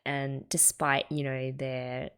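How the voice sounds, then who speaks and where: An Australian woman sharing her thoughts on a comic as she reads it, in a chatty, casual tone full of ums. Her voice is low and gravelly with plenty of fry. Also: level tone, takes it slowly. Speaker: host reading a manga and reacting. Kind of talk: casual read-along commentary.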